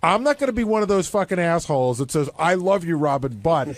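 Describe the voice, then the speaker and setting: A man's voice: a little high, animated, dry recording. A man in casual studio banter, needling and arguing his point. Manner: needling, argumentative, fast.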